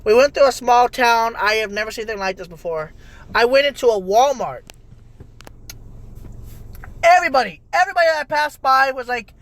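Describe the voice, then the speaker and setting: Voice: medium pitch, a little fast, long pauses. A young adult from Texas, ranting casually on a vlog from inside a car, rambling and repeating themselves. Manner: rambling, repeats itself, animated asides. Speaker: vlogger. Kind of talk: casual rant while driving.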